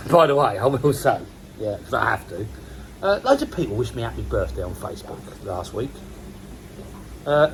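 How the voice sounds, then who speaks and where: A man's voice: lowish voice, slight background noise, poor audio. Rambling man in his fifties. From England. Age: 50s. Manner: chatty, rambling, self-mocking, swears casually. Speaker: koi pond vlogger. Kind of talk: rambling casual vlog. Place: outdoors by a garden pond.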